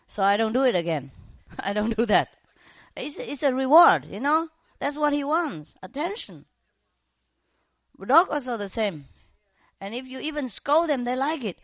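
A woman's voice: sits high, very animated, normal speed, no room sound, studio quality. A woman chatting casually about her pet birds and dog, laughing often and acting out her pets. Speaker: bird owner. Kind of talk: casual storytelling.

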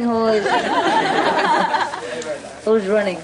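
Woman, unhurried and coaxing, sing-song with a pet, casual with guests; loud crowd and noise behind. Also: mid-range voice, animated, loud music behind the voice, poor audio. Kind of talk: casual talk to a pet bird and a visitor.

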